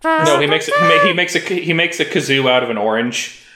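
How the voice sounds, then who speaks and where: A man's voice: a little high, expressive, brisk, echoey room, very noisy. A man from the United States co-hosting a podcast in casual chat, with a dry, sardonic way of talking. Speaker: podcast co-host.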